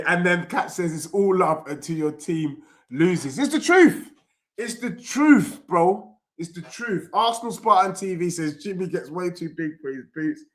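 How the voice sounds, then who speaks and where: A young man hosts a live football watchalong, talking in excitable slang and reading out chat messages. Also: on the high side. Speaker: football streamer.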